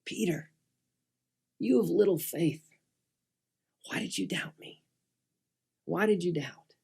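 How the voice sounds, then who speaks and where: A woman voicing a calm, gentle male teacher figure, speaking softly and reassuringly in a retold church story. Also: on the low side, slow, vocal fry, breathy edge, full character voice.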